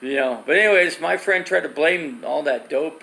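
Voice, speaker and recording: A man's voice: fairly high pitch, animated, normal speed, vocal fry, bright, forceful tone, poor audio. A middle-aged man live streaming from his phone, rambling through stories and reading viewer comments. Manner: rambling storyteller with restarts, reads viewer comments.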